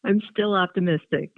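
A woman in her sixties, interviewed as a patient, slowly and reflectively recounting her experience. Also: medium pitch, creaky, no echo. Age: 60s. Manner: slow, reflective storytelling. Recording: phone line.

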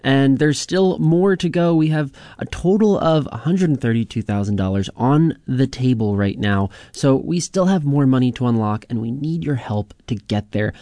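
A man's voice: mid-range voice, normal speed, hardly any pauses, dark tone, no room sound, studio quality. Upbeat man making a radio fundraising appeal. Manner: upbeat, encouraging. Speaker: pledge drive host.

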